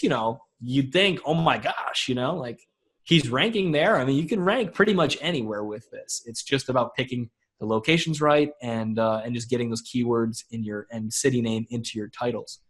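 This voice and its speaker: A man talking casually as a webinar guest, fast and informal, with lots of restarts and fillers. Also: medium pitch.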